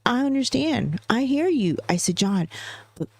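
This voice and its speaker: A middle-aged woman co-hosting a podcast, telling a story in casual chat and mimicking people with high, exaggerated voices. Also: very animated, measured pace, gravelly, no echo. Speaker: podcast co-host.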